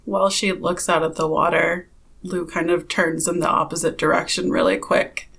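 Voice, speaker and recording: A woman's voice: fairly low pitch, level tone, moderate pace, vocal fry, fairly bright tone, slightly rough. A woman player describing her character's actions in a casual tabletop game.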